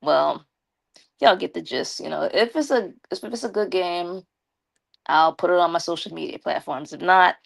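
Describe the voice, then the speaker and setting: A woman with a slight lisp, chatting casually with her viewers on a live stream and giving them shout-outs. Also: lowish voice, moderate pace, gravelly.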